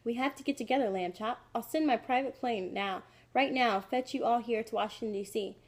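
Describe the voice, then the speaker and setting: A woman's voice: on the high side, fairly quick, natural voice. A woman voicing a busy, self-important male president in a storybook reading. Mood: brusque.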